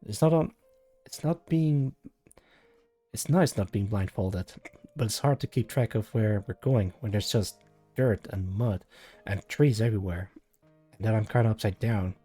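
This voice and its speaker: A man's voice: on the low side, unhurried, long pauses, mellow, husky, soft background music. A man reading a web novel aloud on a live stream, narrating in the first person with casual asides and self-corrections. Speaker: live-stream story reader.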